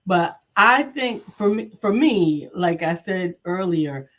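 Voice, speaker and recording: A woman's voice: lowish voice, expressive, slow pace. A middle-aged woman from the United States co-hosting a live online talk show, reading viewer comments in a friendly, affirming way. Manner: warm-hearted, affirming, says "amen" often. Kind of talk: casual chat.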